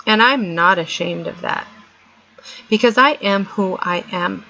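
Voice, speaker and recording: Slow, emphatic woman vlogger, lo-fi. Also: medium pitch, gravelly, sharp tone. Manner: emphatic, preachy, repeats points for stress. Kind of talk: earnest motivational talk to camera. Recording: dull lo-fi sound.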